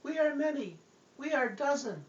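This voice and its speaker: A man's voice: very high voice, expressive, normal speed, distant mic, voice pushed up. A man voicing a tiny, thin, eerie chorus of possessing donut spirits, in an echoey room with dull, lo-fi sound.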